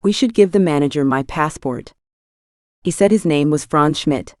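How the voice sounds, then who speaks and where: A woman's voice: sits low, normal speed, darkish tone, no room sound, studio quality, natural voice. Saul, a woman voicing a tense traveler man. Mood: urgent. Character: Saul, adult male New York traveler, tense.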